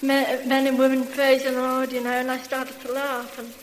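A woman's voice: high-pitched, monotone, normal speed. Lady gushing through her testimony, long hall reverb, bit of hiss. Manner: effusive, bubbling with hallelujahs and laughter. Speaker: member giving a testimony. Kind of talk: church testimony. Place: large hall. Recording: echoey hall with faint hiss.

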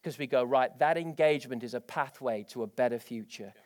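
A man preaching a sermon, energetic and animated, with rising exclamations. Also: medium pitch, a little fast. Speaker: pastor.

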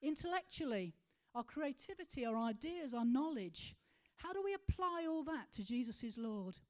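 A woman preaching a sermon, asking rhetorical questions and slowing to stress key words. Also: high-pitched, expressive.

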